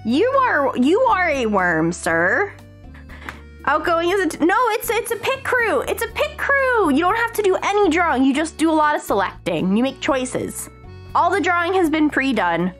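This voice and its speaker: A woman's voice: high-pitched, very animated, moderate pace, fairly bright tone, soft background music. A woman hosting a casual live stream, chatting in a bubbly, gushing way with lots of slang. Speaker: streamer host.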